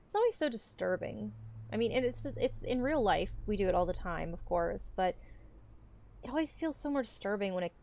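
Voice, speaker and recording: A woman's voice: medium pitch, animated, brisk, creaky, darkish tone. A woman hosting a let's play, giving casual, rambling commentary with the odd swear. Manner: chatty, rambling asides with swearing.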